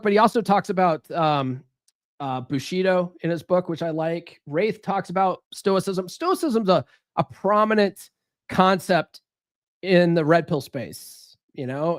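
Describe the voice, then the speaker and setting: A man's voice: on the high side, no echo, clean studio sound. A man hosting a podcast as a relationship coach, talking in a rambling casual monologue, swearing and breaking off his own sentences. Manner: rambling, profane, self-interrupting.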